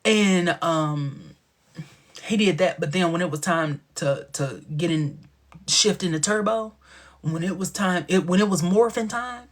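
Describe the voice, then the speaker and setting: A man hosting a casual livestream chat, telling stories in an animated way, acting out quotes and dropping into whispered asides. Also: sits high, a little slow. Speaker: livestream host.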